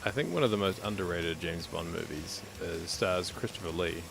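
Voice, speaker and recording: A man's voice: low-pitched, normal speed, gravelly, noisy background. A man co-hosting a game livestream, rambling in a jokey, offhand way and slipping into silly voices. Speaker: livestream co-host. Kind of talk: casual banter over a game stream.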